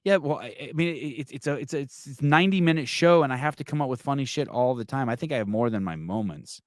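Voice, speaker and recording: A man's voice: medium pitch, lively intonation, quick pace, no room sound, studio quality. A man hosting a podcast, chatting casually, swearing freely and stumbling through restarts as he reads viewer comments aloud. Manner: profane, rambling, self-mocking, with many stammered restarts. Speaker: podcast host. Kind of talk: casual live-stream chat, reading viewer comments.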